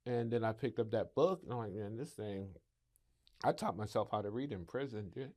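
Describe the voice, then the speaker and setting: A middle-aged man, a podcast guest, telling his story in a lively way, acting out what others said to him. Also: fairly low pitch, normal speed. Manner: animated, acts out quoted voices, laughs often. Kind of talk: storytelling interview.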